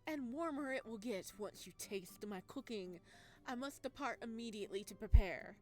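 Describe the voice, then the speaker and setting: A man's voice: extremely high pitch, expressive, moderate pace, faint music behind. A woman voicing a flamboyant male restaurant owner in a put-on vaguely Italian accent, grandiose and flowery. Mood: effusive.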